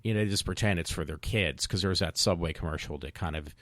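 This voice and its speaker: A man talks through his solo podcast in a loose, wandering way. He fills it with ums and keeps correcting himself. His voice sits deep and low, and the recording is dry and close. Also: fast talker, fairly bright tone, no room sound. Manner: rambling, many ums and self-corrections. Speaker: podcast host. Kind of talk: casual solo talk show.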